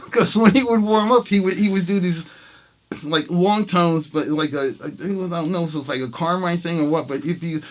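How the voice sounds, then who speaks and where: A jazz trumpet player telling a story in an interview, laughing often and acting out the lines of the people in it. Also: male voice, a little high, unhurried, fairly bright tone. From New York City. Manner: laughing, reenacts quotes with voices.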